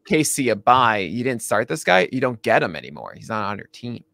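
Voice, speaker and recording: A man with a bright, forceful voice co-hosts a casual baseball talk show. His pitch swings widely as he gets excited, and he laughs often and trips over his own restarts. The sound is dry and close. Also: a little fast, vocal fry, no room sound. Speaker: podcast co-host.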